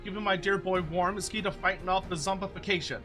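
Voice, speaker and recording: A man's voice: high-pitched, fairly even intonation, fast talker, over music, pitched above the performer's own voice, close to an everyday voice. A man voicing a brash middle-aged woman, a cook and healer mother who bosses others around. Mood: scolding. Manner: bossy, scolding.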